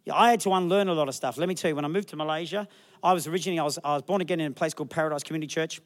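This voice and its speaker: Brief: energetic male pastor, quick delivery, slightly high voice. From Australia. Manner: animated, acts out people in the crowd with funny voices. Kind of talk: sermon.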